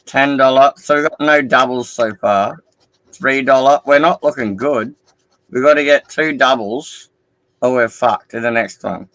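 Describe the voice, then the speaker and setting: A man's voice: medium pitch, measured pace, a bit bright, low-quality recording. A young man hosting a casual live stream, swearing bluntly as he calls out scratch ticket results.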